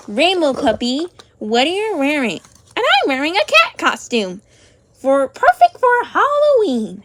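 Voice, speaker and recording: A woman's voice: high voice, big pitch swings, unhurried, a bit bright. A woman narrating a toy play story for children, gasping and drawn out in a sing-song way.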